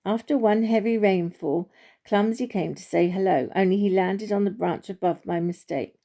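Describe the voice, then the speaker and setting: Reading a children's storybook aloud, a woman speaks in a mid-range voice at a gentle, unhurried pace, with the occasional small slip and restart.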